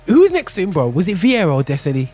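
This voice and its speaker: A man's voice: high voice, wildly swooping pitch, fast talker, dark tone. A man hosting a casual football podcast, talking in a rambling way, repeating "bro" and restarting his sentences. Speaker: podcast host.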